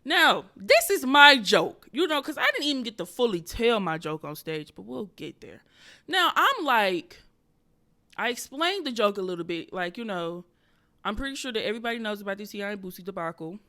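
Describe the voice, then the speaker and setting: A woman hosting a podcast, telling a story in a casual, profane way and swinging between loud outbursts and low muttered asides. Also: big pitch swings, normal speed. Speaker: podcast host and comedian.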